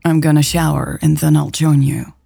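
A woman voicing a caring, anxious young woman who speaks gently and hesitantly. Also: low voice, level tone, moderate pace, creaky, dry recording, studio quality, soft background music, exaggerated voice. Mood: concerned, gentle.

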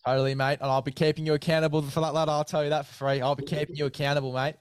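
A chatty man hosts a casual sports preview and talks to his co-host like an old mate. His voice is smooth and resonant. It is recorded dry and close. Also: on the high side, level tone, racing, dry recording. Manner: chatty, matey, plugs a sponsor with mock hype.

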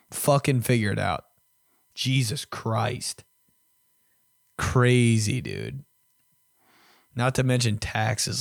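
A young man hosts a podcast, ranting casually in a gravelly, medium-pitched voice, swearing a lot and slipping into mock voices. He is profane and animated, and the studio-quality recording has no room sound.

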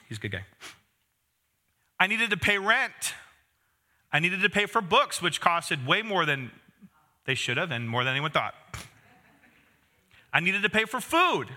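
Thirties male pastor, chatty sermon delivery, bright and slightly high voice, self-deprecating humor. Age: 30s. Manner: conversational, self-deprecating humor with asides to the congregation.

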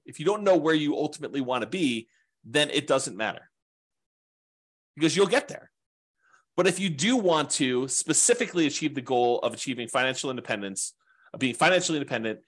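A man's voice: fairly high pitch, a bit bright. A man teaching an informal class on real estate investing, talking in a rambling, conversational way with frequent asides.

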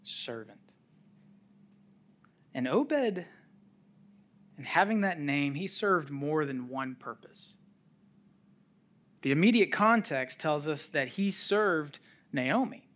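A man preaching a sermon, telling a scripture story with sudden drops to a near-whisper and rises to loud calls, with chuckling asides. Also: a little high, animated, slow pace, long pauses. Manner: chuckles while making light asides.

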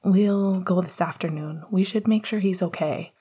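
A woman voicing an affectionate young man who speaks in slow, tender whispers. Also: on the low side, dark tone, husky. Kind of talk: audiobook character voice.

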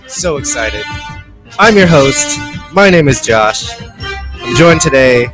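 Excitable man hosting a podcast. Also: mid-range voice, takes it slowly, over music. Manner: excitable, breathless, trails off quietly. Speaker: podcast host. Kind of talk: casual podcast chat.

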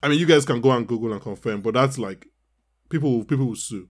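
Man, podcast co-host, casual chat, animated, frequent restarts, middle pitch. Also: fast. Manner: animated, restarts often, laughs.

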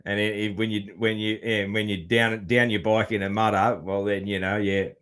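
A man's voice: on the low side, little pitch movement, normal speed, fairly bright tone. A man with an Australian accent hosting a casual podcast chat, laid-back and loose-tongued, swearing casually and padding his talk with fillers. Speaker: podcast host.

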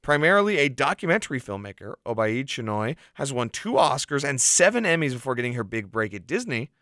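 A man hosting a casual podcast, chatting and reading out news in an animated way, with plenty of "like". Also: medium pitch, brisk, dry recording, studio quality. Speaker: podcast host.

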